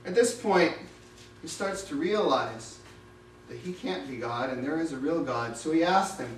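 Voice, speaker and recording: A man preaching a sermon, retelling a story with dramatic, animated delivery, recorded in an echoey room from a distance. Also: a little high, measured pace. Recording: echoey room, distant mic, faint hiss.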